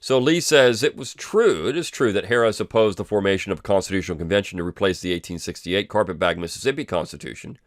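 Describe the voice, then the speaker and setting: A man with a very low voice hosts a weekly review, talking over the week's articles in a relaxed, rambling way full of ums and false starts. The recording is dry and close, with no room sound. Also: fast, few pauses, no room sound. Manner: loose and conversational, with frequent ums and restarts. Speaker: host of a weekly review podcast. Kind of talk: casual spoken commentary.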